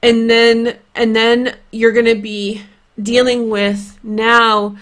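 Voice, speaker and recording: A woman's voice: fairly high pitch, little pitch movement, slow, fairly bright tone. Chatty woman with a Polish accent. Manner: chatty, rambling, lots of "like" and "you know". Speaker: tarot reader. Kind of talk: casual tarot reading.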